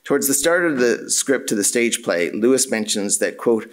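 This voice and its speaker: A male academic reading a prepared conference paper in a measured, formal way, with the odd "uh" and self-correction. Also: mid-range voice, animated. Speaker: academic lecturer. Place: university symposium room.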